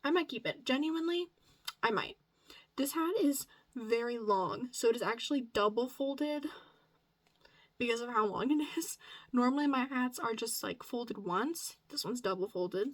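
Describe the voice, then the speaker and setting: High-voiced gushing young woman vlogger. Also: moderate pace. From US Midwest. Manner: chatty, gushing, swears casually, drops into whispers. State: voice cracking. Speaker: crochet vlogger. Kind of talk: casual chat.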